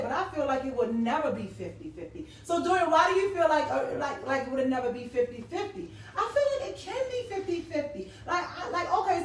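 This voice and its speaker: A woman hosting a casual live-stream talk show, telling stories animatedly and reading viewer comments aloud. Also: sits high. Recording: echoey room, distant mic, faint noise.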